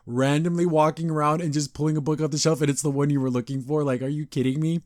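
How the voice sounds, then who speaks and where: A man hosting a podcast, casually recapping a cartoon episode in a rambling, animated way, acting out the characters' lines. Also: a little high, fast, few pauses, dry recording, clean studio sound.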